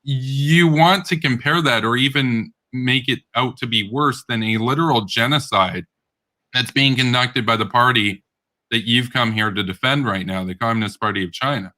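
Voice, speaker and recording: Man, bright voice, combative, interrupting, heated debate host. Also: medium pitch, normal speed. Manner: combative, interrupting, laughing scornfully.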